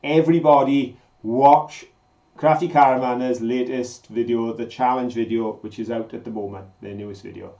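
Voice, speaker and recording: A man's voice: mid-range voice, steady tone, dark tone, lo-fi sound. Chatty British man in an echoey room. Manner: chatty, enthusiastic, drawn-out quiz questions. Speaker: co-host of a live mudlarking show. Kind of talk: casual live-stream chat.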